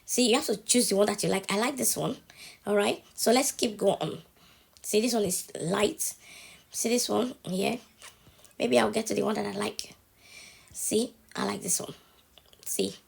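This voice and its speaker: A woman's voice: mid-range voice, measured pace, vocal fry, long pauses, husky. A woman with a cold, talking through a casual step-by-step phone tutorial at home, checking in with the viewer after every step. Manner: chatty, keeps checking in with the viewer. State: has a cold. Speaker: TikTok tutorial creator.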